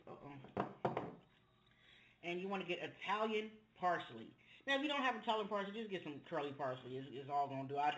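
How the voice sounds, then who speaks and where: A man's voice: a little high, fairly bright tone, slight background noise, poor audio. A man chatting casually to viewers as a home cook while making a meal in his kitchen, rambling from one thing to the next. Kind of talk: casual cooking video.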